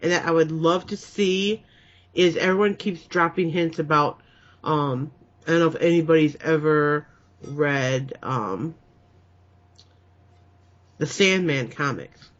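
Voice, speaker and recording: Higher-voiced man with dry humor. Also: slow, long pauses, fairly bright tone. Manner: dry, joking. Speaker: podcast co-host. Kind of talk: casual chat. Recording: dull lo-fi podcast audio.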